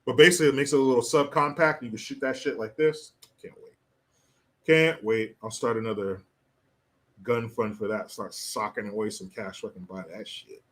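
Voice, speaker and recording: A man's voice: mid-range voice, steady tone, normal speed, a bit bright. A man hosting a political commentary show, ranting in a profane, sarcastic way. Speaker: host.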